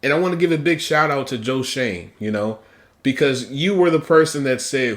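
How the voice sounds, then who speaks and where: A man hosting a football podcast solo, talking with hyped, energetic delivery, big shouted outbursts and repeated "okay?" and "guess what?". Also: on the high side, normal speed. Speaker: podcast host.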